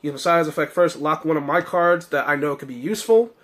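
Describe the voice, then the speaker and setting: Casual man, a bit hoarse. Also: a little high, brisk, fairly bright tone. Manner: rambling, many fillers and self-corrections. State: slightly hoarse, losing his voice. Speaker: card game deck reviewer. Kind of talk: casual deck walkthrough.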